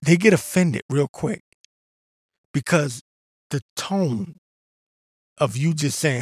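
Man, podcast host, combative rant, husky rasp. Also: a little high, animated, slow, pauses often, a little mellow, dry recording. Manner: ranting, combative, mocking impressions. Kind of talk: casual monologue.

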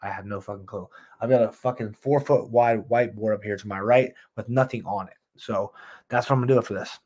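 A man's voice: fairly low pitch, brisk, darkish tone. A man giving a casual motivational monologue as a vlogger, blunt and profane, rambling and often tossing in "right?". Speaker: self-improvement vlogger. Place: indoors at home by a whiteboard.

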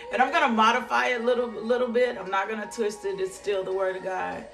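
A woman preaching a devotional sermon in a rhythmic, repetitive style with drawn-out phrases. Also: mid-range voice, little pitch movement, vocal fry, fairly bright tone, soft background music.

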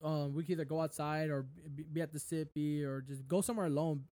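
A young man telling a story in casual chat, excitable, with lots of fillers. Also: on the high side, fast, dry recording.

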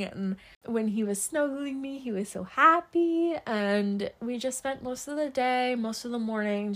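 A young woman hosting a casual solo podcast, chatting upbeat about her day with a lot of fillers. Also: medium pitch. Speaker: podcast host.

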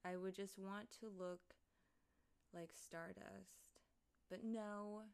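A woman's voice: mid-range voice, steady tone, slow pace, creaky, darkish tone, smooth. A young woman livestreaming, chatting casually and rambling with lots of swearing and laughing asides as she reads the chat.

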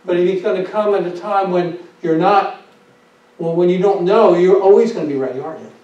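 High-voiced pastor preaching in an echoey hall. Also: male voice, brisk. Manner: emphatic preaching with rhetorical questions and repeated phrases. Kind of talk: sermon. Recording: echoey, dull sound from a distant mic.

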